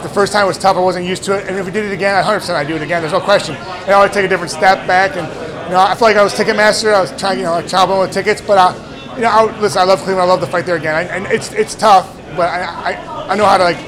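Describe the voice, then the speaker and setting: A man's voice: high voice, fairly even intonation, rapid-fire, crowd noise. A man speaking as a fighter in a press scrum, brash and repetitive, swearing casually. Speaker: fighter at media day. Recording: noisy crowded media room.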